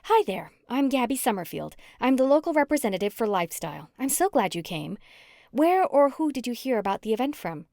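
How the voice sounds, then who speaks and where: A woman's voice: a little high, sing-song, a little fast, creaky, a little mellow, dry recording, studio quality, pitched above the performer's own voice. A woman voicing a chirpy young female saleswoman in an audiobook, bubbly and eager.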